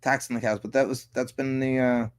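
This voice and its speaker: A man's voice: medium pitch, flat delivery, a little fast. A man hosting a political commentary show, reading news articles aloud and breaking off with sarcastic, profane asides. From Canada. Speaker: host.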